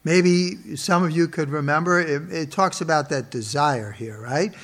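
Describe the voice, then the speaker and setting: A man preaching to an audience, stressing word lists and asking questions he then answers himself. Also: a little high. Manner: expository preaching with rhetorical questions; slow, emphatic listing of words. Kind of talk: sermon. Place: in front of an audience.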